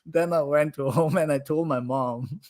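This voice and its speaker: A young man talks as a guest in a casual live chat. His voice sits a little higher than most men's, and he tells his stories animatedly, with a steady stream of "like" fillers. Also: a little slow. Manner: animated, heavy use of "like" fillers.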